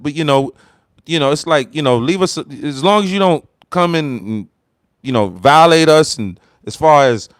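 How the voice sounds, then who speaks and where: A young man hosting a livestream, chatting casually with his viewers, with lots of fillers, loud laughter and bursts of heated ranting. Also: fairly high pitch, clean tone, no echo, studio quality. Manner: rambling, heavy fillers, laughs loudly. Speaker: livestream host. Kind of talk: casual livestream chat reading comments.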